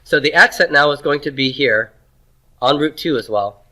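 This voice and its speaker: A man teaching a Hebrew grammar lesson, asking questions and answering them himself, and sounding out words slowly. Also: a little high, bright, forceful tone. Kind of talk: classroom lecture.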